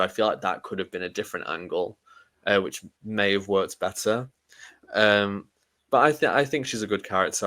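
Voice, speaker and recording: Deep flat-voiced man, bright tone. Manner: thoughtful, hesitant with fillers. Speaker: podcast host. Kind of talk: casual film discussion.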